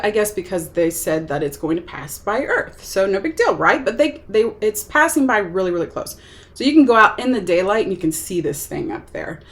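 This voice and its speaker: Young woman just chatting on a vlog, rambly, says like a lot, normal pitch. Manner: chatty, rambling, lots of "like" fillers. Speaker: vlogger reviewing a movie. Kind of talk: casual chat.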